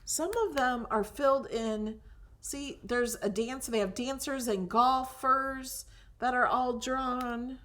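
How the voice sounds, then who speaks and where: A woman's voice: fairly high pitch, fairly even intonation, slow pace, fairly bright tone, slight background noise. A woman hosting a casual crafting tutorial, chatting and thinking aloud as she browses designs, sometimes dropping to a whisper over things she likes.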